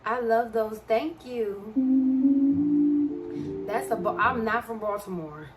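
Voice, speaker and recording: Over music, a livestreamer takes her time speaking in a fairly high voice. She's a young American woman with a DMV, Washington, D.C. area, accent, chatting casually and answering viewers' comments as she reads them.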